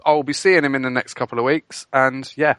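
Halting male podcast panelist, dry mic. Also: mid-range voice, fairly even intonation, fairly bright tone, dry recording. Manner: halting, restarts, self-deprecating. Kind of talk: casual podcast chat.

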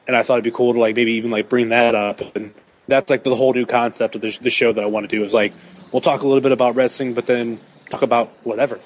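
A man's voice: medium pitch, steady tone, fast, slight background noise, poor audio. Laid-back rambling podcast host man. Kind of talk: casual chat.

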